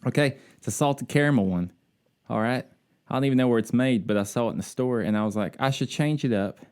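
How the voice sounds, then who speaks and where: A laid-back American man co-hosts a casual podcast chat over drinks, joining by video call from his home in Alaska. He talks fast in a smooth, medium-pitched, slightly mellow voice, joking and often trailing off with "I don't know."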